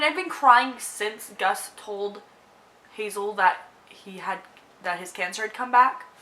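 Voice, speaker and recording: Young female book vlogger, bright and emotional, on the edge of tears, rambling with fillers. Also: medium pitch, a little hiss or hum, poor audio. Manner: emotional, gushing, many fillers and restarts. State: tearful, on the verge of crying. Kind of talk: casual movie review vlog.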